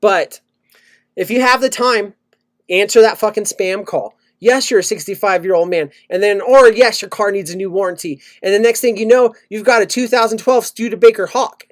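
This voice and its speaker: A man co-hosts a casual podcast, ranting and swearing a lot while telling animated stories. His voice sits high and he speaks at a moderate pace.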